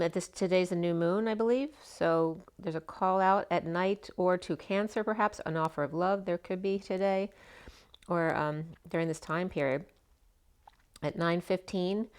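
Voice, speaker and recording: Chatty woman, slightly hoarse tarot reader. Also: on the low side. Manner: chatty, meandering, full of asides. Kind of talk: casual spoken tarot reading.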